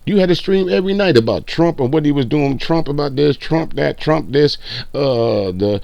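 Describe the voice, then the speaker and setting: A man's voice: a little high, animated, normal speed, vocal fry, a little mellow, no echo, muffled recording. A man hosting a stream, giving reaction commentary in a profane, mocking rant.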